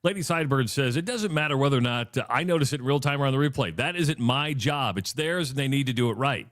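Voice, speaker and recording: A man's voice: medium pitch, expressive, fast talker, a bit bright. A male sports radio co-host in casual chat, emphatic, who reads out listener comments.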